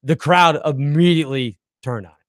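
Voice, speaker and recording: A man's voice: on the high side, moderate pace, no room sound, studio quality. A man hosting a podcast in casual chat, telling stories and acting out the people in them. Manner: animated storyteller, acts out voices in quotes. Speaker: podcast host.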